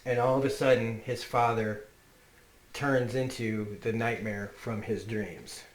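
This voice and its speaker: A man's voice: medium pitch, steady tone, a little slow. Earnest male comic reviewer, echoey room. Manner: earnest, emotional, rambling with restarts. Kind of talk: casual video review. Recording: roomy echo.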